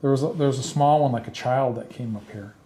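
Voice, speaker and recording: A man's voice: mid-range voice, fast talker. A man leading a paranormal investigation, giving directions to his team and calling out commands to spirits inside an old building. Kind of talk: directing a ghost hunt. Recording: echoey with loud background noise.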